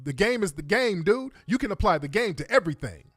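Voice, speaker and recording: A man's voice: high voice, big pitch swings, a little fast, a bit bright, dry recording, studio quality. A middle-aged man hosting a talk show, delivering an emphatic, profane, combative monologue full of rhetorical questions. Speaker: radio talk host.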